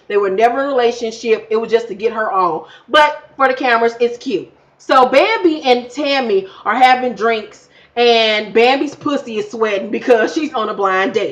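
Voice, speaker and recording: A woman's voice: a little high, dull audio. Sassy, profane woman recapping reality TV. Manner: sassy, loud, mimics cast members in quoted asides. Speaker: TV recap vlogger.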